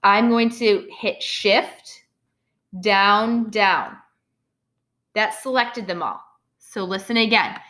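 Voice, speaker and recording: Woman teacher, tutorial voice-over, plain mid-pitched voice, patient step-by-step delivery. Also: slow pace, long pauses, pushed and bright. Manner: step-by-step, checking in with "okay?". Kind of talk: screen-recorded software tutorial.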